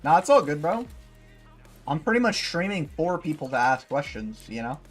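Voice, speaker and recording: A man's voice: a little high, big pitch swings, normal speed, soft background music. A man livestreaming while gaming, chatting casually and rambling, swearing freely and leaning on fillers.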